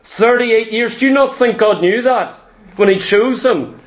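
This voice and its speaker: High-voiced man preaching emphatically. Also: a little slow, a little hiss or hum. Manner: emphatic preaching with rhetorical questions; repeats words when starting phrases. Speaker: pastor. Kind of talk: sermon.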